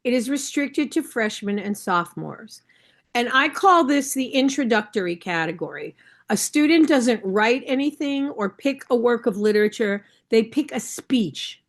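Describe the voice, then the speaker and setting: A woman's voice: fairly high pitch, animated, normal speed. A woman coach training new judges over a video call, talking in a conversational, instructive way and often checking in with the listeners. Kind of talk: online training session.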